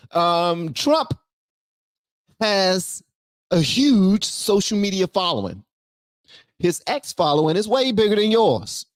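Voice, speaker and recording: A man reacting live on stream to a political interview, slangy, with loud outbursts and rhetorical questions. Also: sits high, no echo.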